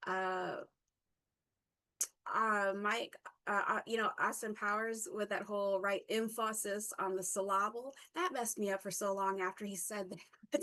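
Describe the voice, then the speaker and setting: A woman in her fifties shares a personal reflective story at a mid-range pitch. She moves haltingly, with many fillers and restarts, and now and then a stutter catches on a word. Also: bright, forceful tone, low-quality recording. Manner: halting, with frequent fillers and self-corrections; occasional stutter. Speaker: workshop speaker.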